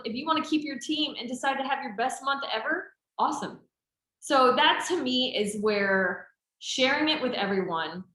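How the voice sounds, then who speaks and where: A talkative woman trainer gives encouraging, casual advice with plenty of energy. Her voice is bright and sits a little high. The sound is roomy, with noticeable echo. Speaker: trainer answering team questions. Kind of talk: casual group chat.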